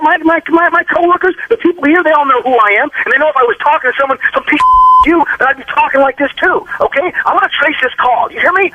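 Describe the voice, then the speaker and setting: Male shop owner on the phone, stammering and agitated; very high, bright and lively voice. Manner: stammering, flustered, rising to shouts. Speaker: hardware store owner, prank target. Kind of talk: phone conversation. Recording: muffled phone line.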